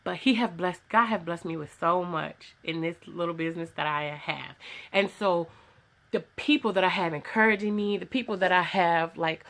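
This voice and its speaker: At home in her sewing room, a woman who owns a small business gives an earnest personal testimony for a casual vlog. Her lowish voice has a fairly bright tone and a normal speed, and she rambles, restarting often and quoting other people's voices.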